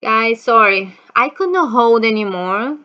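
A woman casually telling a childhood story as a vlogger, animated, laughing often and acting out quotes in a higher voice. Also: measured pace, highs cut off.

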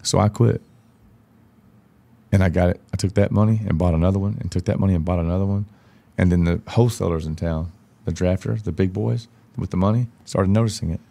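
A man's voice: low-pitched, a little fast, vocal fry, warm tone. A man, a podcast guest telling stories in a blunt, profane, casual way. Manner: profane, blunt, acts out quoted dialogue. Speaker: podcast guest, country singer. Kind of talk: casual storytelling chat.

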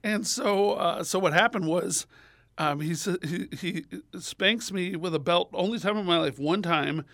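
Animated storytelling man, dry close sound. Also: measured pace, no room sound. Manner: animated, acts out voices with big pitch jumps. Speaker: radio guest.

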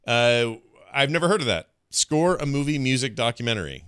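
A man's voice: medium pitch, sing-song, a little fast, fairly bright tone, clean tone, no room sound, clean studio sound. A man co-hosting a movie podcast in casual chat, talking with rambling enthusiasm. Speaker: podcast co-host.

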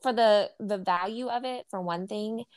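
A woman's voice: medium pitch, moderate pace, clear, resonant tone, no echo. A woman co-hosting a podcast in casual chat, a bubbly, jokey storyteller. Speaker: podcast co-host.

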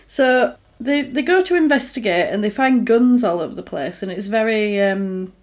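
Woman chatting through a movie plot, lively, does little voices for the characters. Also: normal speed. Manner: animated storytelling, acts out characters with big pitch jumps, swears. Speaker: podcast co-host recapping a film. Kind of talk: casual chat.

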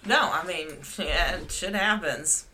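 A man's voice: high-pitched, slow, bright, forceful tone, husky, low-quality recording. A man co-hosting a podcast, chiming in with giggly, teasing remarks in casual chat. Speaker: podcast co-host.

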